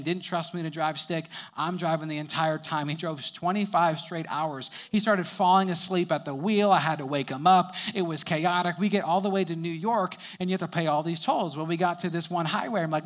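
A young man preaching, with a voice pitched a little above most men's. He tells stories in a sermon and keeps breaking into light chuckles between his sentences. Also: fairly quick.

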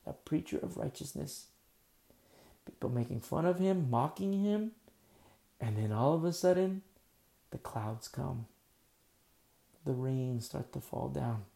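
A male pastor with a heavily gravelly, very mellow voice, preaching like he is telling a story. He talks casually, full of fillers, and slips into character voices to act out scenes. His delivery is informal, not polished. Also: mid-range voice, expressive, a little slow, long pauses. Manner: vivid storytelling, conversational with many fillers; acts out dialogue of biblical scenes. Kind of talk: sermon.

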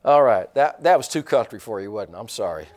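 A man's voice: lowish voice, lively intonation, brisk, darkish tone. A man preaching a sermon in a folksy, joking way, restarting his sentences often. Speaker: pastor.

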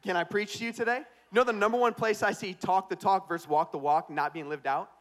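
A young male pastor delivers a sermon like a comedian telling a story on himself, with a slightly high voice. He drops into swaggering put-on voices for quoted lines, then swings from hushed asides to loud, bright punchlines. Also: fairly even intonation, a little fast.

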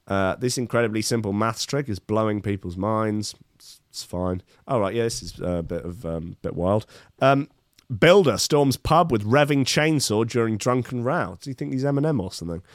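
A man's voice: mid-range voice, dry recording, clean studio sound. Sardonic man reading news aloud. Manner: sardonic, rambling asides.

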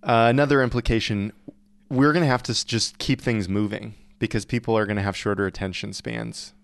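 A man co-hosting a podcast on youth ministry, talking through his points in an earnest, measured way. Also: lowish voice, fairly even intonation, gravelly, clear, resonant tone, no echo. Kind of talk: casual podcast discussion.

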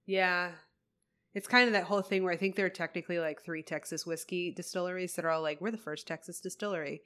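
A woman's voice: on the low side, fairly even intonation, fast, fairly bright tone, clean tone. A woman co-hosting a casual chat while tasting whiskey, talking through facts with chatty asides. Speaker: podcast co-host.

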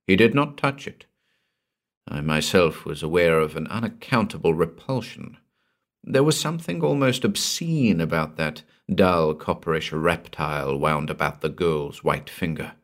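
Expressive low-voiced male storyteller. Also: a little slow. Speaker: narrator. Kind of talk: audiobook reading of a pulp horror story.

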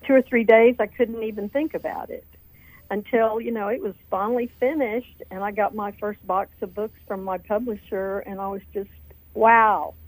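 A woman's voice: mid-range voice, fairly even intonation, normal speed, a little mellow, no echo, poor audio. A middle-aged woman with a drawl tells her own story as an interview guest. She talks in a chatty, heartfelt way and often slips into the voices of people she is quoting. The recording is dry and close. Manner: chatty, earnest, tells stories with quoted dialogue. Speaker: author and guest.

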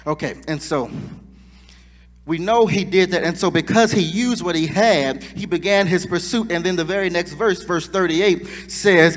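A man's voice: sits high, moderate pace. A man preaching a sermon in a church, fervent and building in intensity with call-and-response. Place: church sanctuary. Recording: long church reverb.

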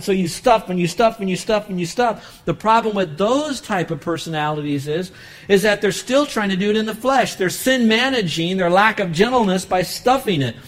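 Man, pastor, church sermon, slightly high voice, emphatic, loud bursts, soft prayer. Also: a little fast, low-quality recording.

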